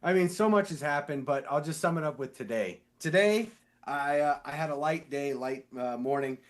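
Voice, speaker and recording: A man casually telling a story on a podcast, animated and swearing, acting out the voices of the people in it. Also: fairly high pitch, normal speed. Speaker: podcast co-host; sewer inspector.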